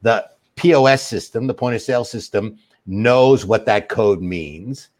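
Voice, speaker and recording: A middle-aged man with a lowish voice talks through his subject in a steady, explanatory way, leaning on everyday examples. He sounds like an interview guest walking a host through the basics. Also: a little slow. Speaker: guest expert on master data.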